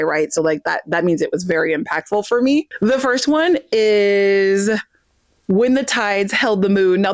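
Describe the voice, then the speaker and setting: A woman's voice: medium pitch, no room sound. A young woman chatting casually to camera about books, gushing and full of fillers. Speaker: book vlogger.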